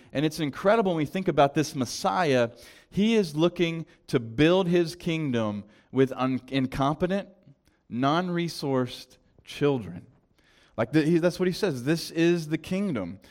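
Southern male pastor, chatty sermon delivery, mid-pitched voice. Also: darkish tone. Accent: Southern American. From American South. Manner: conversational preaching, quick asides and restarts.

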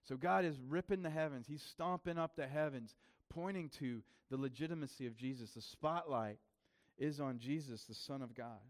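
A man's voice: medium pitch, normal speed. A man preaching a sermon as pastor, in a casual, conversational way with frequent fillers and restarts.

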